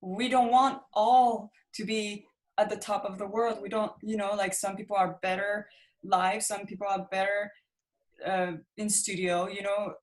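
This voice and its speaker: A woman's voice: mid-range voice, level tone, a little slow. Woman, musician guest, casual, frequent laughs, fillers. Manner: laughs often, hesitant fillers. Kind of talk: casual interview chat.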